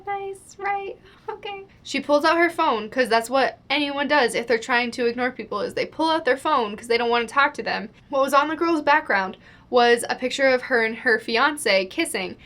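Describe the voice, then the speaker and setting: Chatty high-voiced young woman vlogger. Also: fairly bright tone. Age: young adult. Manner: chatty and exasperated, full of "like". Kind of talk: casual storytime vlog.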